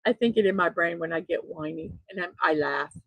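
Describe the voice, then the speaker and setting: A woman's voice: lowish voice, fairly quick, a bit bright, no echo, low-quality recording. A middle-aged woman hosting a daily morning show, chatting casually and laughing at her own jokes. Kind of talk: casual solo show, reading memes aloud.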